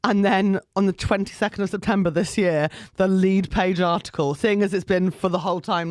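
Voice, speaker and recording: A woman's voice: medium pitch, steady tone, normal speed, no echo. A woman in her thirties chatting on a podcast in a blunt, crude, playful way, on a studio mic. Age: 30s. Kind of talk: casual podcast chat.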